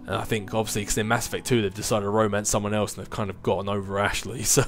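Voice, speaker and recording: Talking at a racing pace with a flat delivery and a lowish voice, this twenty-something YouTuber answers viewer questions in a relaxed Q&A. He rambles, often restarts his sentences, and laughs a lot, with soft background music underneath.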